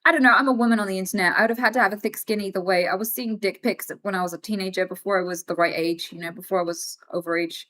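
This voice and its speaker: A woman's voice: medium pitch, steady tone, racing, hardly any pauses, fairly bright tone. A young woman streamer in casual livestream chat, talking in a blunt, frank and exasperated way.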